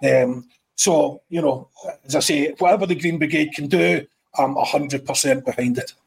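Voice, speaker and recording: A man's voice: fairly high pitch, moderate pace, creaky, husky, rough recording. A man speaking as a podcast guest, hesitant and full of fillers but firm in his opinions. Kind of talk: casual chat.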